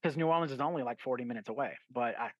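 A man's voice: medium pitch, rapid-fire, fairly bright tone. A man, a guest author, telling a story in a casual podcast interview, rambling with fillers and restarts and acting out his own quoted lines. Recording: dull, lo-fi and dry.

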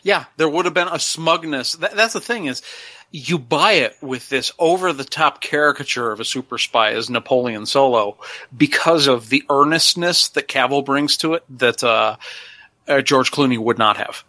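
A man's voice: mid-range voice, normal speed, pushed and bright, dry recording. A man co-hosting a casual podcast, speaking earnestly and with enthusiasm. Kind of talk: casual chat.

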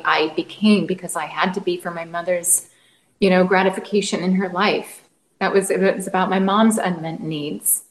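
A woman relationship coach appears as a podcast guest, sharing personal stories openly and from the heart in candid interview talk. Her mid-range voice sounds reverberant, and the recording is rough.

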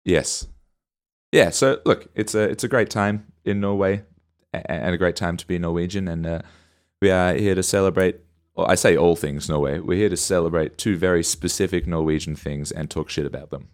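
A man with a deep, low voice co-hosts a casual comedy podcast. He rambles through his points and laughs often between lines. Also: moderate pace. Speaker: podcast co-host.

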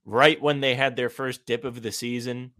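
A man's voice: mid-range voice, flat delivery, normal speed, pushed and bright, dry recording, clean studio sound. A man co-hosting a podcast, talking steadily and pushing back in casual sports chat. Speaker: podcast co-host.

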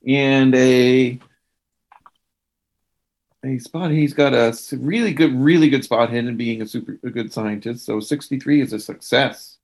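A man's voice: medium pitch, unhurried, darkish tone. Stammering man playing a tabletop game. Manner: stammering, hesitant. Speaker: player. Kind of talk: tabletop role-play, in-character speech.

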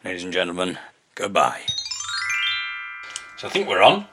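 A man's voice: low voice, very animated, moderate pace, over music. A man hosting a podcast, telling a comic personal story in a self-mocking way and slipping into character voices. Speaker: podcast host.

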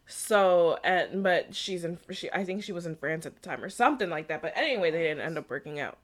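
A woman's voice: on the low side, lively intonation, a little fast. Laid-back young woman podcast co-host. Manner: laid-back, swears freely, laughs often. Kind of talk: casual chat.

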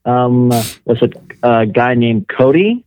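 A man's voice: medium pitch, expressive, slow pace, a little mellow, no room sound, poor audio. A man calling into a podcast, talking in a hesitant, eager way. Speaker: caller. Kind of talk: casual chat.

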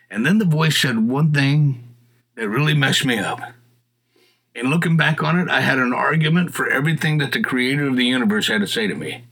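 A man's voice: mid-range voice, expressive, brisk, breathy edge. A middle-aged man earnestly telling a personal testimony in a folksy storyteller's way. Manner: earnest, folksy storyteller, rising to shouted appeals. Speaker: guest telling his testimony.

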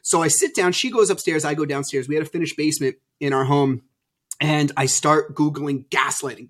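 A man as a podcast guest, telling his story candidly over a video call and acting out old arguments with sudden loud bursts. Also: a little high, normal speed. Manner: animated, acts out past arguments.

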